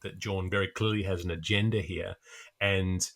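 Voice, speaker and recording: A man co-hosting a podcast, talking through a book in a thoughtful, halting way with plenty of pauses. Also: low-pitched, fairly even intonation, creaky, a bit bright. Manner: thoughtful, halting, many fillers. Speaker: podcast co-host. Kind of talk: casual literary discussion.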